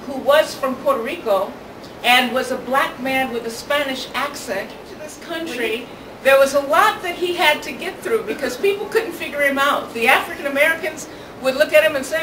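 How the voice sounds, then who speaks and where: A high-pitched woman delivers an earnest speech as a guest speaker, her voice bouncing around a reverberant venue. She sounds set back from the microphone, with steady room noise underneath. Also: moderate pace, crowd noise. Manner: earnest personal storytelling. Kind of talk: public speech. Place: event venue with audience ambience. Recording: echoey, distant mic, noisy room.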